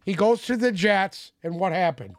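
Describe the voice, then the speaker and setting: A man with a high, light voice argues his sports opinions bluntly, repeating his opening words as he gets started. He is recorded up close in a dry space with no echo. His manner is casual and stubborn. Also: expressive, normal speed. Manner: opinionated, stammers restarts, blunt. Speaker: sports podcast co-host.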